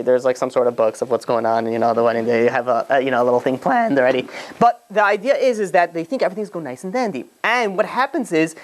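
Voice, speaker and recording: Animated joking rabbi teaching a class. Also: male voice, on the high side. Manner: animated and jokey, many fillers and restarts. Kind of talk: conversational lecture to a live group.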